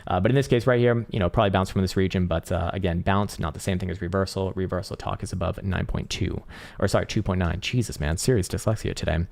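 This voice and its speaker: A man's voice: deep voice, quick pace, creaky, darkish tone. A man hosting a casual crypto chart livestream, rambling and profane with lots of fillers, his voice strained and tired. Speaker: crypto trading livestream host.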